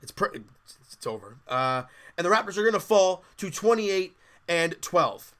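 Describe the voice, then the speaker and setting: This sports podcast host has a high, sharp voice that swings widely in pitch, though his speed stays normal. He picks apart a basketball game as it happens, frank and fed up like any fan. The talk is loose, live commentary.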